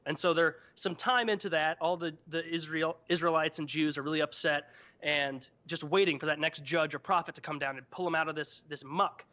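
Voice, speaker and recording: A man's voice: fairly high pitch, fairly even intonation, a little fast, sharp tone. A young man co-hosting a podcast, retelling a story in an irreverent, profane, joking manner. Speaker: podcast co-host. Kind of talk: casual comedic storytelling. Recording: dull lo-fi podcast audio.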